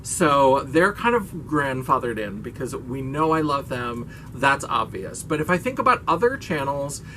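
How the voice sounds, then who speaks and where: Male beauty vlogger, slightly high voice, chatty and expressive, casual to camera. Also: slight background noise. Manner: casual swearing. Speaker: beauty YouTuber. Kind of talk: casual chat.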